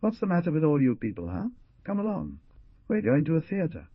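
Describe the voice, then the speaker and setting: A man voicing a big, coarse, mocking man who jeers loudly and bellows with laughter, on a dull lo-fi recording. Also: fairly high pitch, wildly swooping pitch, a little fast, no room sound, voice pushed up. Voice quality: loud and jeering.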